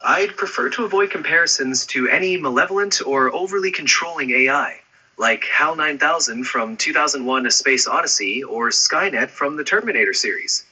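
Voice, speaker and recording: Bright, husky male AI assistant voice. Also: a little high, expressive, normal speed, low-quality recording. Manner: smooth, agreeable, polished phrasing. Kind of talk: conversational assistant replies.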